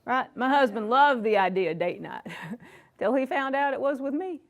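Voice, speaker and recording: A woman's voice: sits high, animated, moderate pace, background noise. A woman from Florida doing a folksy, self-deprecating stand-up routine before a live audience, laughing at her own jokes. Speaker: stand-up comedian.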